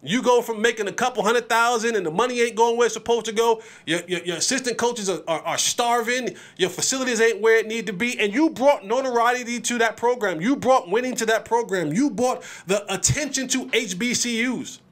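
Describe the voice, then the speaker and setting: A man's voice: very high-pitched, a little fast, hardly any pauses, fairly bright tone. A man. He talks emphatically and with energy, stumbles over repeated words as he pushes a point, and quotes other people in his own voice. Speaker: podcast host. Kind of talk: animated sports commentary.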